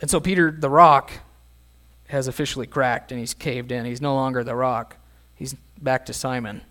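A man's voice: medium pitch, fairly even intonation, moderate pace, pushed and bright. A middle-aged man, a pastor, preaching a sermon in a conversational way and asking his listeners questions.

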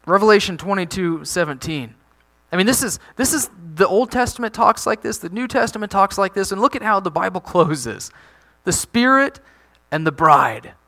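A man preaching a sermon as a pastor, animated, asking the congregation rhetorical questions and often restarting his sentences. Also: sits high, moderate pace.

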